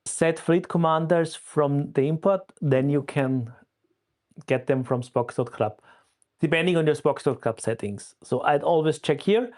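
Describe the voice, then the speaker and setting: A man guest giving a casual, step-by-step walkthrough in a steady way of talking. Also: fairly high pitch, a little slow. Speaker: guest explaining a tool.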